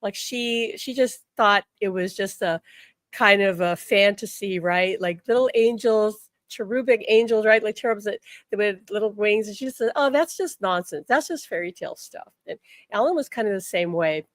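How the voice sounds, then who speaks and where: An older woman, a spiritual teacher, tells a personal story on a live stream in a chatty, animated way, often repeating words and saying "like". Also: mid-range voice, moderate pace, dry recording. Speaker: spiritual healer and angel teacher.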